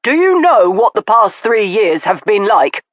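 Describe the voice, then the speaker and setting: A woman's voice: medium pitch, very animated, unhurried, no room sound, lo-fi sound, pitched above the performer's own voice. A woman reading the part of a grieving middle-aged nobleman who speaks with impassioned earnestness. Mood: earnest. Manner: impassioned, pleading.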